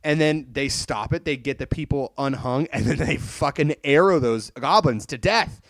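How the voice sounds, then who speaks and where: Dry-sounding animated male podcast host. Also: mid-range voice, moderate pace, no echo. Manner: animated, swears freely, rambling retelling. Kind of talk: casual chat reviewing an anime.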